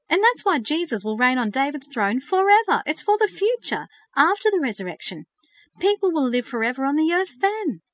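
Brief: eager, earnest teenage girl, as a woman narrator reads her, lively pitch, dry close recording. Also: dry recording. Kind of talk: audiobook reading.

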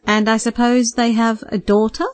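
A woman's voice: a little high, little pitch movement, normal speed, dry recording, close to an everyday voice. A woman voicing a polite, guarded young man who deflects his mother's questions, in a dry recording. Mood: subdued. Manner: polite, subdued, a bit defensive. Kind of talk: audiobook character voice.

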